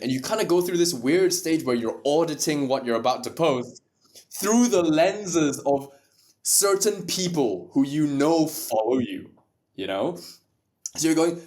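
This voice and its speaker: A podcast guest talks about entrepreneurship and content creation in casual conversation, speaking emphatically, asking rhetorical questions and laughing often. His medium-pitched voice is animated and a little mellow, at a normal speed.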